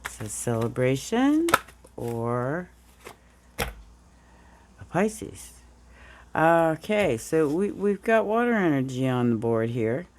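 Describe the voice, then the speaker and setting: A woman's voice: extremely low pitch, sing-song, a little slow, background noise. A woman reading tarot cards in a casual, meandering way, a little under the weather with a groggy morning voice. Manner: meandering, talks through the cards as she goes. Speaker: tarot reader.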